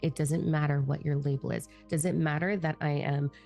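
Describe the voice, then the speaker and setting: A middle-aged woman spiritual teacher speaks in a casual, profane monologue, fired-up and blunt. Her voice sits low, with a gravelly fry and a warm, mellow tone. Faint music plays underneath. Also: steady tone, moderate pace.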